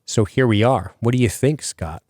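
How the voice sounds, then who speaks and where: A man's voice: medium pitch, normal speed, darkish tone, no room sound, clean studio sound. A man hosting a podcast in casual chat, rambling with many fillers and casual swearing. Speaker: podcast host.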